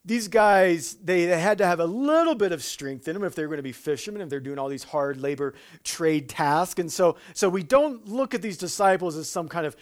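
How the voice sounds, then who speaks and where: Preaching in a high voice with lively intonation, a man drops humorous asides into his sermon and trips over words, starting again. He grows slow and quiet when the points turn solemn.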